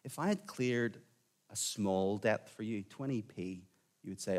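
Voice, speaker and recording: A man preaching a sermon in a conversational way, sometimes dropping to a quiet, intense tone. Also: lowish voice, measured pace. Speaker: pastor.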